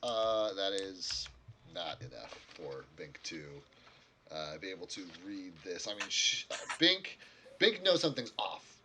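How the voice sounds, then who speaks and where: A man's voice: sits low, big pitch swings, measured pace, bright, forceful tone, slight background noise. A man narrating as game master in a tabletop game, in a loose, rambling way, searching for words as he goes.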